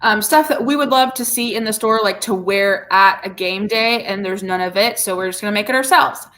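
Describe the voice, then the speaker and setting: A woman co-hosting a casual podcast, with a bright, forward tone. She sounds bubbly and gushing, and she circles back over her words when excited. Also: mid-range voice, a little fast. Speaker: podcast co-host. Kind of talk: casual chat.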